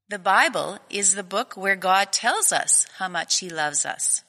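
A woman teaching children, reading a storybook aloud in a gentle, patient, inviting way. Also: mid-range voice, expressive, unhurried, hardly any pauses. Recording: echoey hall with long reverb.

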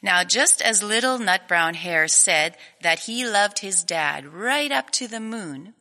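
A woman teaching children, reading a storybook aloud in a gentle, patient, inviting way. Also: medium pitch, animated, slow. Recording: echoey hall with long reverb.

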